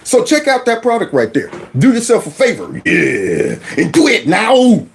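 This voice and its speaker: Male commentary host, casual comedic chat, animated pitch, joking. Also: normal speed, creaky. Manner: animated, joking, chatty, eggs on the clip.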